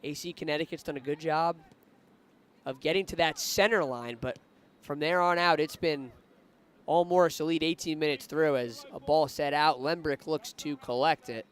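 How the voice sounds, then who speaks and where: A man's voice: a little high, moderate pace, clear, resonant tone. A man giving live play-by-play commentary on a women's soccer match, lifting his voice when attacks build. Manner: rising excitement on attacking plays.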